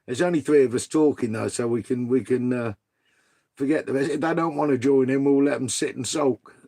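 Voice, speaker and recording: A man's voice: medium pitch, fairly quick, warm tone, husky. Man, middle-aged, casual livestream chat, swears freely, calls people mate. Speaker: livestream host reading chat.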